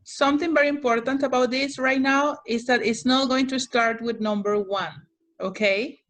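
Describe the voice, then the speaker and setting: Woman English teacher, online class, patient, repeats and checks in often, pitch a bit high. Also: steady tone, moderate pace, a bit bright.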